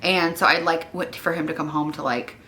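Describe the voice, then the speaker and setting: A young woman vlogs casually from her home in a low, steady, bright voice that's brisk and forceful, with a little hiss or hum in the recording. She chats and rambles with lots of "like" fillers, turning emotional at times.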